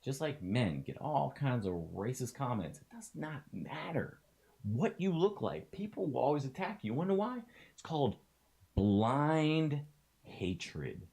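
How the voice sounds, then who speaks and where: A young adult man talking to camera in a casual motivational vlog, blunt and passionate, swearing freely and swinging between low mutters and loud outbursts. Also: sing-song, moderate pace, gravelly. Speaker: streamer and vlogger.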